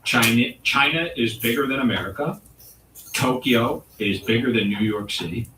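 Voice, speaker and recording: A man hosting a comedy show and delivering a provocative, mock-serious rant with dramatic pauses. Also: medium pitch, sharp tone, a little hiss or hum. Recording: roomy echo, distant mic.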